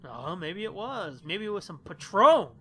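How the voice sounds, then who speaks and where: Male podcast co-host, bright edge, loose profane storyteller. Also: high voice, sing-song, measured pace. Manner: profane, rambling anecdote telling with laughs. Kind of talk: casual storytelling.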